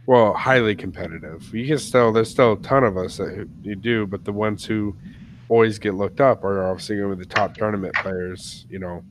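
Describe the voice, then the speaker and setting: Deep-voiced man in halting chat. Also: background noise. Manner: halting, restarts sentences. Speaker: podcast co-host. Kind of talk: casual live-stream chat.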